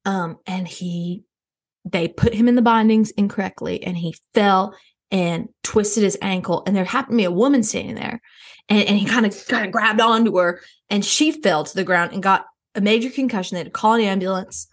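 A woman's voice: medium pitch, normal speed. A woman hosting a comedy chat, telling a rambling, gossipy story and mocking the people in it.

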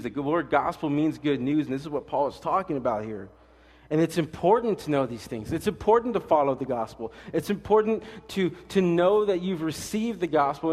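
A male pastor preaching a casual, fast-talking sermon with jokes and stories, swinging between loud emphatic lines and quiet asides. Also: a little high, big-room sound.

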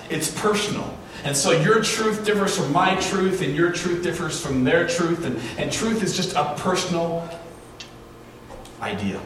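A man's voice: on the high side, fairly bright tone, a little hiss or hum. A man in his forties preaching a sermon, telling stories in a conversational way and asking rhetorical questions. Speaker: pastor. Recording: very echoey hall from far off.

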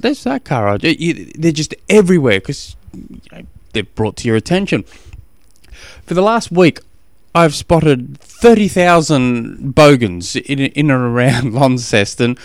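Aussie bloke rambling on his podcast, jokey and self-mocking, mid pitch, dead dry sound. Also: expressive, normal speed, no room sound. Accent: Australian. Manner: chatty, rambling, self-mocking, with many restarts. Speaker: podcast host and triathlon coach. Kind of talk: casual podcast monologue.

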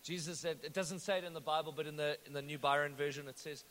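A man's voice: fairly high pitch, little pitch movement, fast, fairly bright tone, slight background noise. A man, preaching a sermon and retelling the text as a story with joking asides. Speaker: pastor. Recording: echoey hall.

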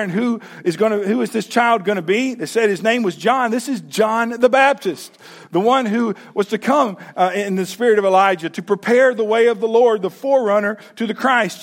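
A man pastor preaching a sermon, talking to the congregation with direct questions and frequent restarts. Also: high-pitched.

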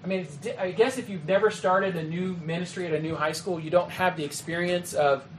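A man giving a training talk to youth ministry leaders in a conversational way, often checking in with "okay?" and "right?" and acting out quick exchanges. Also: high-pitched, slight background noise. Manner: acts out quick quoted exchanges. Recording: echoey room with faint ambience.

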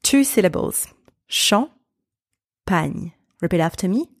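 Slow, careful woman teaching pronunciation. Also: fairly low pitch, no room sound, studio quality. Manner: slow, careful, repeats sounds for the listener to copy. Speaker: podcast host and pronunciation teacher. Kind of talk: podcast pronunciation lesson.

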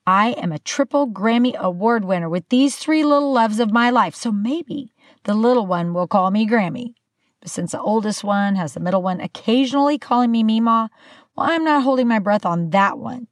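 Bubbly, lively older woman host. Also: fairly high pitch, moderate pace, no room sound. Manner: bubbly and animated, playful asides. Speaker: podcast host. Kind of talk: casual solo podcast talk.

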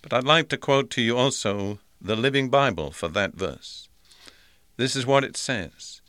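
A man's voice: medium pitch, moderate pace, a bit bright, no echo, clean studio sound. A man preaching a sermon in an earnest, emphatic way, repeating his points for stress.

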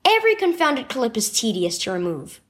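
A woman's voice: a little high, huge pitch swings, fairly quick, fairly bright tone. A woman voicing an irritated girl in a storybook reading, huffy and exasperated. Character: irritated older sister, a kid.

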